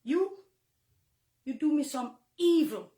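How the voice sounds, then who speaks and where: A middle-aged woman with a Jamaican accent, a minister giving an emotional, confessional testimony from the pulpit, moving between hushed and fervent. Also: sits high, expressive, slow, echoey room. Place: church, near the pulpit.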